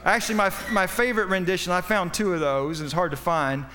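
A man's voice: high voice, animated, fast, soft background music. Preacher, folksy and joking, raised voice, hall echo, man. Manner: folksy, joking, rising to loud punchlines. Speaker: pastor. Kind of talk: sermon.

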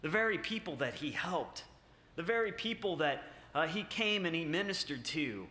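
Male preacher, halting and emphatic, bright tone, roomy church sound. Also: fairly high pitch, animated. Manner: halting, many filler sounds and restarts; emphatic, rising on key points. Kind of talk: sermon with scripture reading. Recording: echoey room.

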